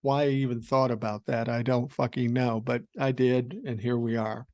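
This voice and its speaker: A man in his sixties hosts a casual podcast, rambling through stories with blunt, salty language. His pitch sits at an average level for a man. The sound is close and dry, with no room echo. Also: flat delivery, moderate pace, a little mellow. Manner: blunt, profane, rambling storyteller. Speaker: podcast host. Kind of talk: casual podcast talk reading listener email.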